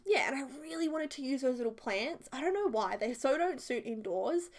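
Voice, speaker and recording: A chatty young-sounding woman talks through a casual voiceover. Her voice sits a little high, and her speech is loose and rambling, with plenty of "like" and "um.". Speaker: video creator. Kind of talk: casual voiceover for a building video.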